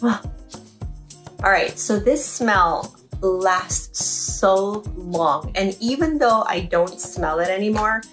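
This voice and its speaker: A woman in her thirties chatting casually as she reviews products, with plenty of ums and pauses. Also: medium pitch, a bit bright, faint music behind. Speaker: beauty vlogger.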